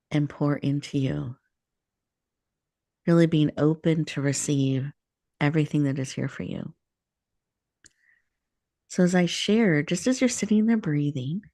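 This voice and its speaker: A woman radio host leading a guided breathing meditation in a slow, soothing, inviting way before she welcomes a guest. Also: low-pitched, a little mellow, dry recording, clean studio sound.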